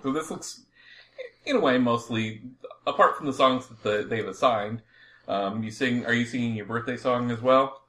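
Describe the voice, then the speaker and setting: A man acting as game master, narrating a tabletop game in a relaxed, rambling way with frequent laughs. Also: medium pitch, moderate pace, slight background noise.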